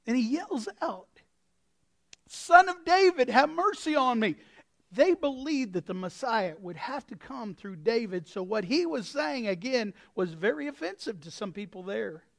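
A male pastor preaching a sermon with a folksy, anecdotal manner, swinging from quiet asides to sudden shouts. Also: sits high, lively intonation, normal speed, creaky. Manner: impassioned, breaks into sudden shouts.

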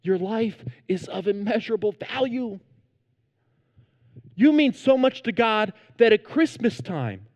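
A man's voice: high-pitched, big-room sound. A man preaching a sermon as pastor, earnest and emphatic, in a church sanctuary.

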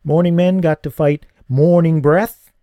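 Audiobook teen boy, cocky and easily alarmed, a man doing a high, pushed voice; very dry close recording. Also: steady tone, unhurried, no room sound, highs cut off, close to an everyday voice. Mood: teasing. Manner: raised pitch, strained and urgent. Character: teenage boy, cheeky then frightened.

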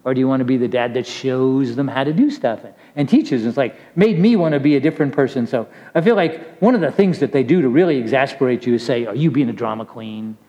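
A man's voice: medium pitch, expressive, quick pace, few pauses, mellow, in a large hall, lo-fi sound. A middle-aged man preaching a casual, storytelling sermon to young people, chatty and self-deprecating, laughing at his own stories.

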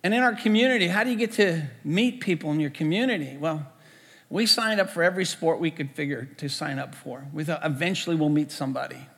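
A man's voice: a little high, lively intonation, fairly quick, fairly bright tone. A man, a pastor preaching a storytelling sermon in a conversational way, often repeating words as he goes. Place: church sanctuary. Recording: echoey church hall.

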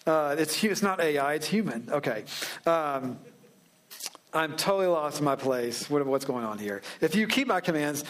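A pastor preaching a sermon in a relaxed, joking way, slowing down to stress key phrases. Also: male voice, fairly high pitch. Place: church sanctuary.

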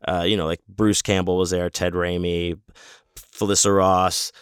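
A man's voice: sits low, level tone, unhurried, smooth, no echo, studio quality. A man casually telling a rambling story about a convention trip, laid-back and swearing freely. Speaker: convention vendor.

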